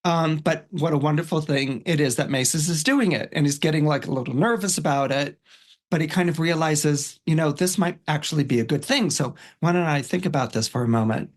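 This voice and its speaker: A man's voice: a little high, brisk. A man on a podcast casually retelling a film's story in a rambling way, with many fillers and restarts. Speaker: astrologer and podcast guest. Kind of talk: casual retelling of a film plot.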